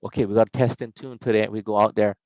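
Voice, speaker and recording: A man's voice: lowish voice, little pitch movement, fast talker, darkish tone, no echo. Middle-aged man, casual podcast storyteller who acts out the voices he quotes; slightly dull, dry recording. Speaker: podcast guest.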